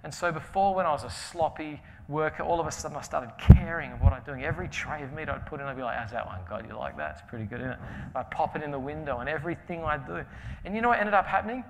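A man preaching a conference sermon, telling stories with humor and swinging between loud and hushed delivery. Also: fairly high pitch, fast talker, noisy background. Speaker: pastor. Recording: reverberant hall with faint ambience.

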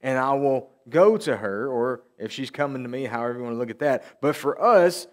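A man preaching a sermon in a church, repeating key phrases and reading scripture slowly for emphasis. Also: mid-range voice, lively intonation. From Tennessee. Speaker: pastor. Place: church sanctuary.

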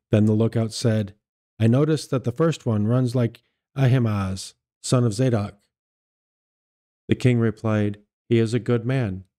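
Man with a very dark, mellow voice. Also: on the low side. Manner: measured, steady reading with small self-corrections. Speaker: liturgical reader. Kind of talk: reading aloud of scripture and patristic texts.

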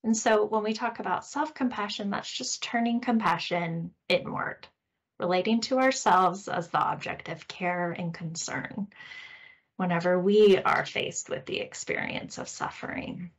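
A woman hosting a podcast, teaching a course session in a gentle, explaining way with frequent tag questions. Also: mid-range voice, measured pace. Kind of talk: teaching a recorded course talk.

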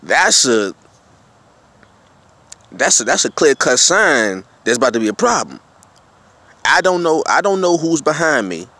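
A man casually telling a story to his viewers, getting animated and repeating himself as he speaks. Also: on the high side, unhurried, long pauses, dry recording. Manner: relaxed, informal slang. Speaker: vlogger.

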